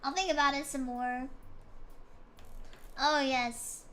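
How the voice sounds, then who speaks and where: Bright, high-voiced woman streamer chatting. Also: fairly even intonation, slow, a little hiss or hum. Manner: playful, mock-dramatic complaining. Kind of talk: casual chat with stream chat.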